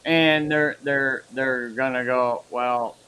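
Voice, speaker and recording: Slow-talking opinionated man chatting. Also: medium pitch, fairly bright tone, poor audio. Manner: opinionated, stumbling restarts. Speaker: livestream participant. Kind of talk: casual livestream chat.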